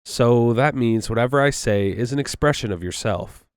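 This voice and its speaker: A man voicing a calm, disembodied adult male voice coming through a radio. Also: mid-range voice, normal speed, clear, resonant tone, no echo, studio quality, natural voice. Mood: probing. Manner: calm, probing.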